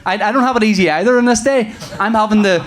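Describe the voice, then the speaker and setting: Animated stand-up man with a lighter voice. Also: sits high, quick pace. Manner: animated storytelling, acting out dialogue, swearing. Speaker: stand-up comedian. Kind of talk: stand-up routine.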